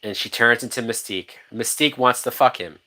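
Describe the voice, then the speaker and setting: An excitable man talks through a film as it plays, swearing freely and breaking into laughter. He jumps between thoughts and restarts his sentences, in loose, chatty commentary. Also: medium pitch, brisk. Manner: animated, profane, laughs often, many restarts. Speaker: movie reaction host. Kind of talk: casual live-watch movie commentary.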